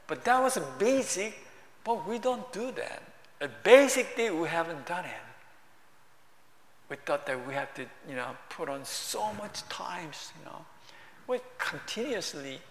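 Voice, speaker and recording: Slow, high-voiced preacher in an echoing hall. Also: male voice, gravelly. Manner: warm conversational preaching in broken English, rising to emphatic bursts. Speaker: pastor. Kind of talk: sermon. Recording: echoey hall with long reverb.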